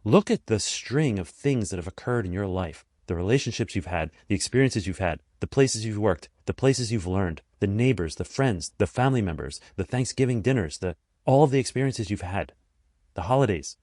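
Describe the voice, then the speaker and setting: A man with a very low voice delivers a motivational podcast monologue as its host. He speaks deliberately and with emphasis, leaning on repeated phrases to drive each point home. The sound is close and dry. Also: animated, a little mellow, no echo.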